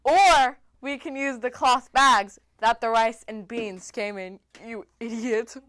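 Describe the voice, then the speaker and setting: Woman, scornful bossy pirate, measured pace. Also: fairly high pitch, fairly bright tone. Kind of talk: improvised pirate comedy skit.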